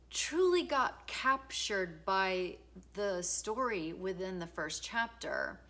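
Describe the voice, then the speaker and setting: Frank, bright-voiced middle-aged woman. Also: fairly low pitch. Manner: frank and emotional, swears freely, laughs often. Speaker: author. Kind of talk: reading her own book introduction with casual asides.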